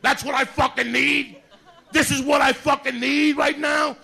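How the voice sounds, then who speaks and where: Gravelly high-pitched ranting comedian man. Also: flat delivery, measured pace. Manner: loud, mocking, swearing constantly. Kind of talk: profane stand-up rant.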